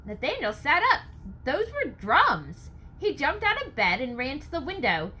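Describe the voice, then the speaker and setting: A woman narrating a historical novel audiobook, reading expressively and acting out the characters' lines. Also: normal speed. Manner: expressive, raises pitch for shouted lines.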